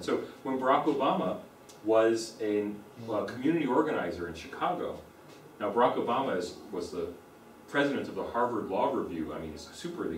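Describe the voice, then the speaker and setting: A man with a standard American accent delivers a lecture and often circles back to drive a point home. He stands some distance from the microphone. His voice carries through a reverberant room with faint background noise. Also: lowish voice. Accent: General American. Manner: explanatory, repeats points for emphasis. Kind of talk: university lecture. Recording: roomy echo, speaker away from the mic.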